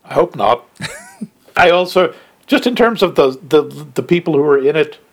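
A man's voice: on the high side, expressive, moderate pace. A man co-hosting a casual podcast about a film, dry and wry, reacting with short interjections. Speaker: podcast co-host.

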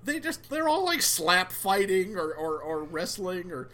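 A man's voice: high-pitched, big pitch swings, unhurried, pushed and bright. A man in casual conversation, rambling a little and often restarting his sentences, with a wry tone. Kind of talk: casual chat.

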